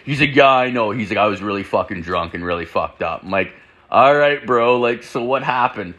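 A man's voice: fairly low pitch, lively intonation, moderate pace, fairly bright tone, lo-fi sound. A young man casually telling a rambling, profane story about a friend, full of fillers and quoted back-and-forth.

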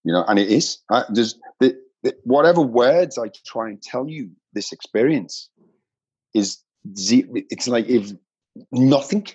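A man's voice: mid-range voice, expressive, a little slow, darkish tone, husky, dull audio. A man speaking earnestly and reflectively as a guest in a casual conversation. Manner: earnest, reflective, builds up emphatically.

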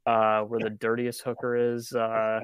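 A podcast co-host chatting casually at an unhurried, halting pace, full of fillers and quick laughs. The voice sits close and dry, with no room around it. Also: mid-range voice, monotone, smooth, no echo. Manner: hesitant, with many fillers and frequent laughter. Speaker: podcast co-host reviewing an album. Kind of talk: casual chat.

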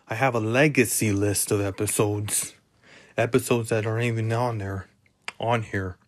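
A man with a low voice talks slowly through a solo podcast, rambling and putting himself down. The sound is dry and close, with no room around it. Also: dry recording. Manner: rambling, self-deprecating, muses aloud. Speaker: podcast host.

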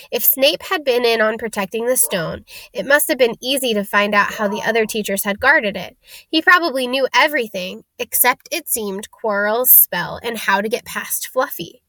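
A woman narrating a storybook aloud in a steady, plain reading manner. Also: fairly high pitch, moderate pace, dry recording.

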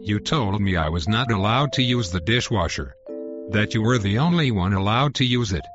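An actor playing a calm, hurt husband who explains himself in a measured, pleading way, in a muffled recording with music underneath. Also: male voice, on the low side, close to an everyday voice. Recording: muffled sound with music behind.

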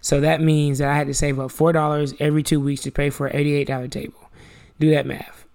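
A man's voice: a little high, level tone, fast talker, creaky, a little mellow. A young man hosting a faith-based podcast, teaching through casual personal stories and often checking in with "right?". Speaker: podcast host.

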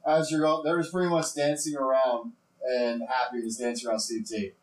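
A man's voice: mid-range voice, level tone, a little fast, echoey room, poor audio. A man narrating as game master of a tabletop game, rambling with many fillers.

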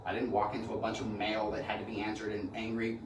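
Speaking in a lowish, completely flat voice, a middle-aged man who works in real estate rattles off rambling stories on a casual podcast, often breaking off to restart. Background noise is present, and the distant mic picks up an echoey room.

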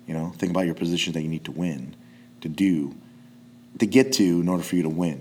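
A man's voice: deep voice, brisk, a little hiss or hum. A man who coaches jiu-jitsu, chatting casually on a podcast, rambling and swearing, restarting his sentences often.

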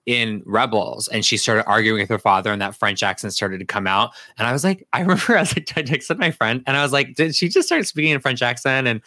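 A man's voice: lowish voice, sharp tone, no room sound. A man speaking as a guest in a casual podcast discussion, eager and rambling as he corrects himself.

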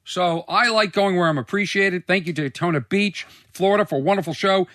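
A man's voice: high voice, fairly quick, fairly bright tone, no room sound, clean studio sound. A man hosting his own podcast as a comedian, rambling loosely, swearing freely and mocking himself. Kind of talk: casual rambling monologue. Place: recording studio.

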